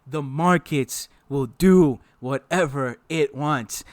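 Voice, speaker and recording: Guy walking you through trades, slightly high voice, keeps repeating himself for emphasis. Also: measured pace, few pauses, dry recording. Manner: emphatic, repeats phrases for stress. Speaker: trading instructor. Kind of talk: casual teaching over a chart.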